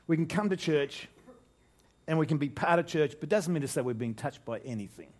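A man's voice: on the high side, lively intonation, a little fast. An older man preaching a conversational sermon to his congregation, restarting phrases and asking rhetorical questions. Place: church, speaking to a congregation.

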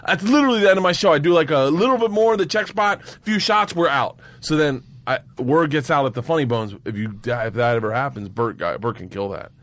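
A man's voice: lively intonation, a little fast, few pauses, a bit bright. Profane storytelling comedian man. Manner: profane, breaks into high laughter. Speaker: guest comedian. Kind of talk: storytelling anecdotes.

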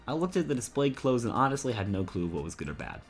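A speaker reading a visual novel's narration aloud between jokes with friends, with a husky voice. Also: mid-range voice, big pitch swings, fast talker, faint music behind. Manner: reads narration, then breaks off laughing and joking.

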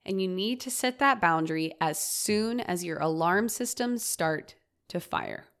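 A woman's voice: lowish voice, animated, a little slow, fairly bright tone. A woman hosting a solo podcast, talking earnestly and reflectively and acting out her own quoted lines. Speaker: host.

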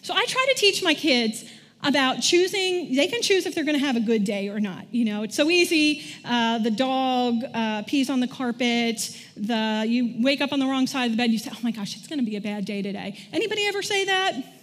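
A woman's voice: high-pitched, expressive, normal speed, a bit bright. A middle-aged woman preaching a sermon in a conversational way, often asking the congregation questions. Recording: long church hall reverb.

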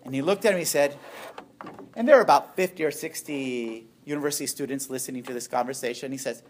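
A middle-aged man, a priest, giving a storytelling witness talk, animated and playful as he acts out what others said. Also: fast. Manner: animated, acts out quoted voices with big pitch jumps.

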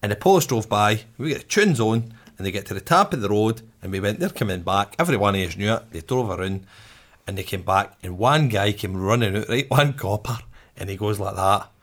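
A man's voice: lowish voice, brisk. A man telling a sweary anecdote in casual chat, acting out the voices of the people in it. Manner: animated anecdote telling, acts out quoted voices, sweary, laughs often.

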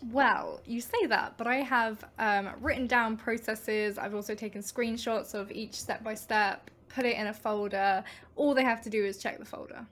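A woman's voice: fairly high pitch, fairly even intonation, normal speed, hardly any pauses, a bit bright. Exasperated woman venting about work. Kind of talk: casual chat.

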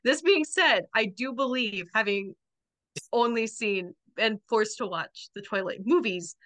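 A young woman co-hosting a podcast in casual chat, talkative and quick to laugh. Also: fairly high pitch, a bit bright. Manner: chatty, laughs often, quotes friends in quick asides. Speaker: podcast co-host.

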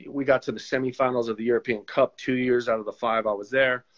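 Man, former pro goalkeeper and coach, animated storyteller; mid-pitched voice, slightly muffled recording. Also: fast talker. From United States. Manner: animated storyteller who acts out quoted voices. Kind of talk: casual storytelling interview. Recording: slightly dull lo-fi sound.

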